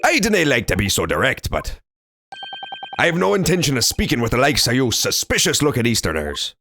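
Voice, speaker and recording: A man voicing a hostile middle-aged male prison governor in a game playthrough, putting on a gruff, sneering Scottish or Irish lilt. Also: medium pitch, huge pitch swings, fairly quick, a bit bright, pitched above the performer's own voice, exaggerated voice. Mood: scornful. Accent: put-on Scottish or Irish lilt.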